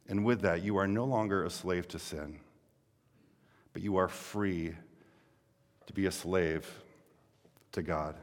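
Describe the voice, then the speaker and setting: A man's voice: low-pitched, takes it slowly, long pauses, in a large hall. A male pastor preaching a sermon earnestly, building to emphatic exhortations.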